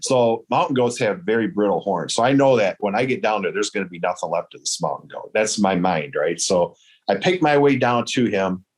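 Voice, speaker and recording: A man from Michigan, telling a hunting story in casual chat, acting out the dialogue with lively quotes. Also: on the low side, a little fast, husky. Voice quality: hard of hearing in one ear. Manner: animated, quotes dialogue in raised voice. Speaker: guest storyteller.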